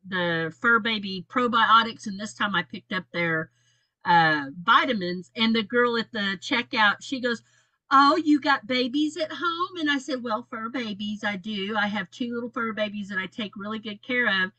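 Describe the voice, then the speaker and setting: Bright-voiced encouraging woman. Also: fairly high pitch, moderate pace, no room sound, low-quality recording. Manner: encouraging, gives friendly advice. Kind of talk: casual chat.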